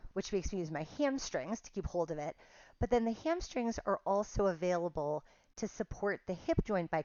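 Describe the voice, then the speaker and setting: Chatty pilates instructor woman, lowish voice. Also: darkish tone, no echo, lo-fi sound. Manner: chatty, self-deprecating, counts reps aloud. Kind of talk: guided workout instruction.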